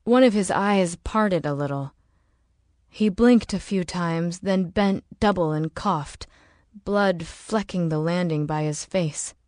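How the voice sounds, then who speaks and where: Slow, low-voiced woman narrating. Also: a little mellow, no room sound, studio quality. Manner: slow, measured, dramatic. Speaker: audiobook narrator. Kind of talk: scripted narration.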